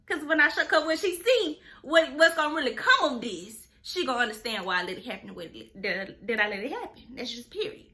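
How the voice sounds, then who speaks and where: Podcast host: emphatic woman, high bright voice, preachy direct advice. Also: big pitch swings, a little fast. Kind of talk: casual advice talk.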